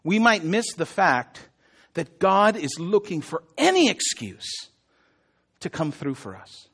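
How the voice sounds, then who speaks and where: Guy preaching a sermon, high voice, super animated, keeps asking the crowd "right?". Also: takes it slowly, slightly rough. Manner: animated, conversational, asks the audience questions. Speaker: pastor.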